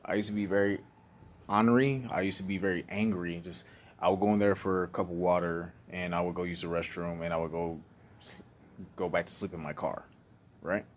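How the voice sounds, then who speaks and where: A man's voice: low voice, fairly even intonation, brisk, a little hiss or hum. A young man candidly telling a personal story in an emotional, profane way, sometimes trailing off and restarting. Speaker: speaker sharing life story.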